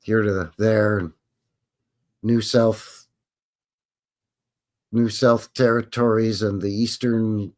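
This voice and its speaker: Rambling Canadian man hosting a livestream. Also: fairly low pitch. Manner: loose, joking, meandering. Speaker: livestream host. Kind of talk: casual rambling livestream chat.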